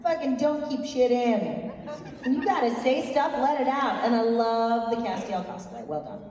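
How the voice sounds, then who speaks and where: A woman's voice: on the high side, lively intonation, moderate pace, darkish tone. A middle-aged woman, a guest on a convention panel, speaking frankly and earnestly to fans, swearing casually. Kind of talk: live fan Q&A. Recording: echoey convention hall from far off.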